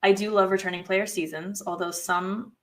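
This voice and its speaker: A woman talking as an interview guest in casual chat, animated and playful, filling her talk with "like". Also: medium pitch, moderate pace. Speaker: guest, former reality competition player.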